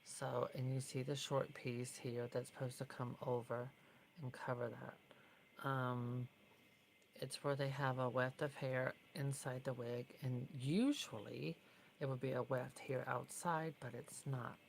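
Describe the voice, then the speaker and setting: A woman's voice: extremely low pitch, steady tone, a little slow, creaky, slight background noise, low-quality recording. A woman talking casually as she works on a doll, chatty and opinionated, sometimes dropping to a whisper. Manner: chatty, opinionated, drifts between soft whispers and fuller speech. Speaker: doll customizer vlogger. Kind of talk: casual tutorial vlog.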